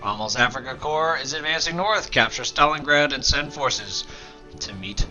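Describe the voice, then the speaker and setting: A man hosting a let's play, chatting casually about a strategy game and dropping into quiet, half-whispered asides now and then. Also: mid-range voice, moderate pace, dull audio, soft background music. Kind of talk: casual gameplay commentary.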